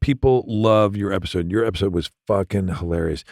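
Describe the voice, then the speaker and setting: A man's voice: sits low, a little fast, darkish tone, no echo, studio quality. A middle-aged man, a podcast guest in casual chat, laid-back and swearing freely.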